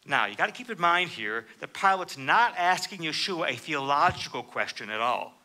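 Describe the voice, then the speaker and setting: Male preacher, slightly high voice, very bright tone, acts out dialogue as he teaches. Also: normal speed. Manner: animated, acts out quoted dialogue with rising emphasis. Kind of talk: sermon.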